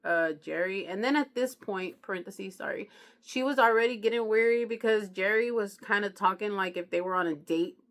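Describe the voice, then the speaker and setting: A woman's voice: medium pitch, fairly quick. A woman reviewing a true crime book, retelling it in a chatty, slangy way with lots of asides to the listener. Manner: slangy, chatty, keeps asking "you know what I mean". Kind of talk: casual true crime storytelling.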